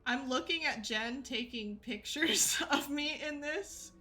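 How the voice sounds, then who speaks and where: Bright, slow-talking chatty streamer woman. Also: sits high, rough recording. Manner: chatty, laughs often, many fillers. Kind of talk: casual storytelling to a live chat. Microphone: desk mic with ring light setup.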